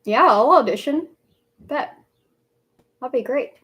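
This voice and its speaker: A woman's voice: high-pitched, lively intonation, takes it slowly, a bit bright. A young woman streaming live in casual chat, playful and laughing often.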